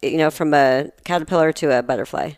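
A woman's voice: sits low, fast, darkish tone, no room sound, studio quality. A woman who is an astrologer guest in a casual spiritual chat, explaining earnestly with analogies.

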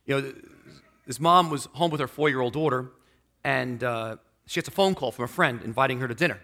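A man preaching a sermon to his church, animated in delivery and acting out the people in his stories. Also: medium pitch, fairly quick. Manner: animated, acts out quoted people in the story. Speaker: pastor.

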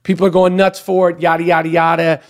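A man's voice: a little high, level tone, quick pace. A middle-aged man hosting a podcast in a casual monologue, talking bluntly and profanely and rambling with frequent restarts. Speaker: podcast host.

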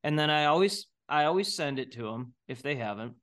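A man's voice: a little high, expressive, fairly quick, fairly bright tone. Blunt, laughing middle-aged man. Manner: blunt, opinionated, laughs often. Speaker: guest entrepreneur. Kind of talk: casual interview talk.

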